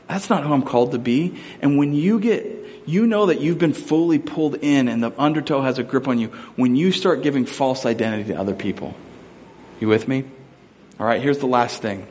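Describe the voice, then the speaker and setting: A man preaching a sermon in a casual, storytelling way, moving from scripture into his own memories. His voice sits at an ordinary middle pitch. A long hall reverb trails behind every phrase. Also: moderate pace. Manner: conversational preaching with personal stories. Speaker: pastor.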